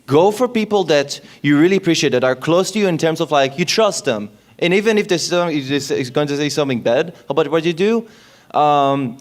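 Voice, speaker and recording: Rambling man speaking on a panel. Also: on the high side. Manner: rambling, halting, many restarts. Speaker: convention panelist. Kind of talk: casual panel Q&A advice.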